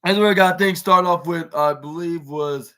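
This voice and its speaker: A man's voice: on the high side, brisk, bright, forceful tone. A man hosting a podcast, giving a casual, rambling play-by-play recap with many restarts and fillers. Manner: acts out wrestlers' lines in raised voice. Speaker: podcast host reviewing wrestling.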